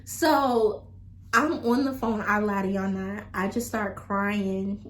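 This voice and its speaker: A woman's voice: mid-range voice, fairly even intonation, takes it slowly. A young adult woman telling a story to her viewers in a chatty way, full of fillers. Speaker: vlogger. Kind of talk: casual storytime chat.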